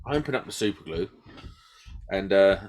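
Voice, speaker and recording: Animated British man telling a story. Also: deep voice, moderate pace. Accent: British English. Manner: animated storyteller, acts out quotes loudly. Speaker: podcast co-host. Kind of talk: casual chat.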